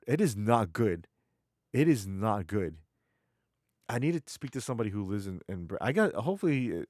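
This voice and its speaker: A man's voice: lowish voice, darkish tone, no echo, studio quality. A man streaming, talking casually in a rambling, emphatic way with many restarts. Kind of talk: casual chat.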